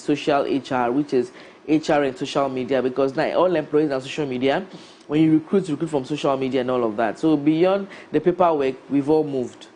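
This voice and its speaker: A woman's voice: low voice, mellow, a little hiss or hum. A woman with a Ghanaian accent, an HR professional giving career advice in an emphatic, advising way with rhetorical questions. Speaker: HR professional guest.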